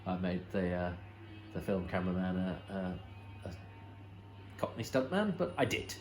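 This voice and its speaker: A man's voice: sits low, very animated, a little slow, pauses often, soft background music, poor audio. A man hosting a watch-along, commenting on an old episode in a chatty, enthusiastic way with many fillers and restarts. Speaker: host.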